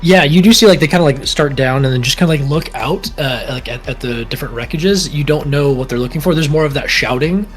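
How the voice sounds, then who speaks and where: A man's voice: on the high side, quick pace, few pauses, soft background music. A man narrating as dungeon master in a tabletop game, rambling with lots of fillers. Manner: rambling, full of fillers and hedges.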